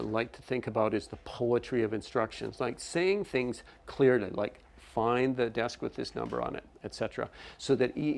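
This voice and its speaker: A teacher trainer with a mid-pitched, gravelly-edged voice lectures new teachers on running a classroom. He walks through it step by step, keeps asking "okay?" to make sure they follow, and often breaks off to restart or correct a phrase.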